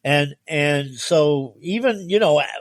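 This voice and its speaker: A man as guest co-host in a casual history podcast chat, animated and chuckling mid-sentence. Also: a little high, takes it slowly, no room sound, clean studio sound.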